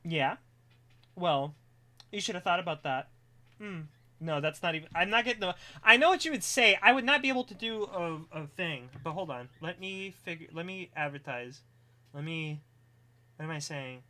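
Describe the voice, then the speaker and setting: Excitable rambling streamer, bright voice. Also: medium pitch, moderate pace, slight background noise. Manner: excitable, rambling, trails off into mumbling while setting up. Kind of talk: casual live stream chat.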